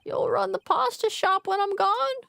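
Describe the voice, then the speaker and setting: A woman voicing a doting old man who runs a pasta shop, in a creaky, pitched-up old-man voice. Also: normal speed, sharp tone, exaggerated voice.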